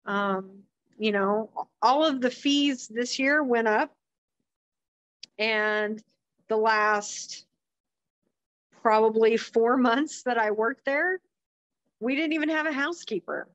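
A woman in her thirties talks slowly and deliberately as an interview guest, pausing often with ums. Her voice sits a bit high, and the recording is dry and a little dull, like lo-fi audio. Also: a bit bright, dry recording. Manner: measured, many ums and you-knows. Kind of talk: casual interview talk. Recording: slightly dull lo-fi sound.

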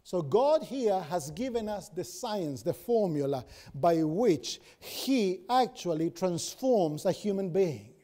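A man's voice: high-pitched, big pitch swings, slow, few pauses, warm tone. A man, a pastor, preaching a sermon and telling stories, with many rhetorical questions to the congregation.

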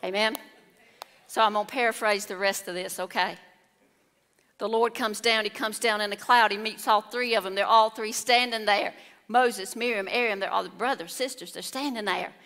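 A woman's voice: medium pitch, fairly even intonation, moderate pace, a bit bright. A woman preaching a sermon, telling the story with exclamations and acted-out voices. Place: church hall. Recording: long hall reverb.

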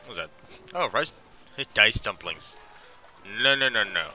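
A man's voice: lowish voice, animated, normal speed, over music. A young Irish man commentating his video game playthrough, joking and mocking himself while reading the dialogue aloud. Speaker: gaming video host. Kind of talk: let's play commentary.

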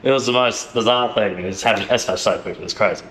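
A man with an Australian accent hosting a podcast in fast, matey casual chat, swearing often. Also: lowish voice, fairly bright tone, slight background noise. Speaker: podcast host. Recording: echoey room, faint ambience.

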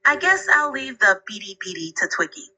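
Bright, upbeat female AI assistant voice. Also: mid-range voice, brisk, rough recording. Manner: upbeat, polite, smooth and even. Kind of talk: conversational assistant replies.

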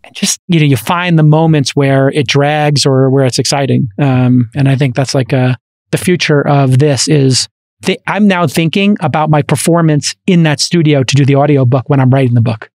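A man with a Brooklyn accent hosting a podcast interview, talking in an animated, rambling way full of fillers and restarts into a studio microphone. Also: medium pitch, normal speed, no room sound. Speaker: podcast host. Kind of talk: casual interview chat.

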